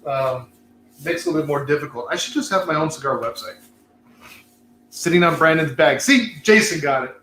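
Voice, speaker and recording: A man's voice: fairly high pitch, lively intonation, brisk, a bit bright, reverberant, slight background noise. A man hosting a casual chat show from a cigar lounge, rambling, laughing and swearing as he talks. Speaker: host.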